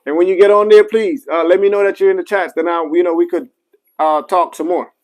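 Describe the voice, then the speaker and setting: A man's voice: sits high, steady tone, fairly quick, darkish tone, rough recording. A man, a barber, chatting casually on a live stream and talking straight to his viewers, with many apologetic asides and fillers. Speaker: barber reviewing clippers.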